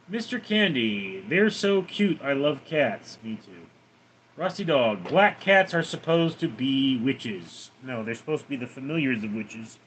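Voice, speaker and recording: A man's voice: medium pitch, expressive, unhurried, fairly bright tone, slight background noise. A man live-streaming from home with his cats, reading viewer comments aloud and answering them offhandedly. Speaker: livestreamer reading chat. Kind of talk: casual live-stream chat.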